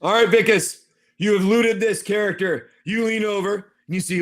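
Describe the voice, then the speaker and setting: High-voiced excitable male game master. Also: normal speed. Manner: animated, excitable storytelling. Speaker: live stream host and game master. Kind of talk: casual chat and tabletop game narration.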